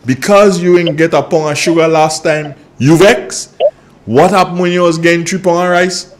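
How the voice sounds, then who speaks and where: A man's voice: on the high side, lively intonation, normal speed. A Grenadian man hosting a political radio talk show, scolding listeners and repeating points for emphasis.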